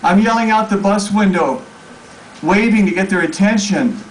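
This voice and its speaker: A man reading his own story aloud at a live public event, telling it in a deadpan way. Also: sits high, normal speed. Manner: deadpan storytelling, crowd laughing along. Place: live reading venue with audience. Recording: distant mic with loud crowd and noise.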